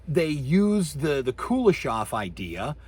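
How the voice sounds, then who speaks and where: Animated husky-voiced man lecturing. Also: on the high side, slow. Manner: animated, jokey, acts out sounds and voices. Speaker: college communications professor. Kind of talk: recorded lecture.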